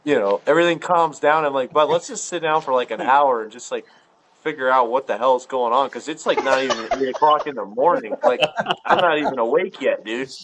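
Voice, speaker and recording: A man's voice: fairly quick, a bit bright. A man from Ohio telling a hunting story in casual chat, rambling and profane, acting out the dialogue. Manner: rambling, profane storyteller full of filler words; acts out quoted dialogue with jumps in pitch. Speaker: podcast guest storyteller.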